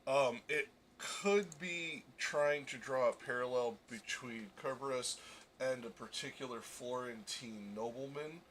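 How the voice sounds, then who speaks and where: A man's voice: medium pitch, unhurried, a bit bright, a little hiss or hum. A man hosting a casual live discussion, talking with many fillers and restarts. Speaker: stream host.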